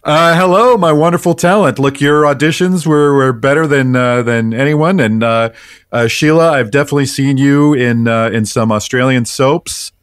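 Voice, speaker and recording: A man's voice: medium pitch, normal speed, clear, resonant tone, lightly acted. A man playing an American film director on a video call who hesitates with lots of uhs. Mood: hesitant.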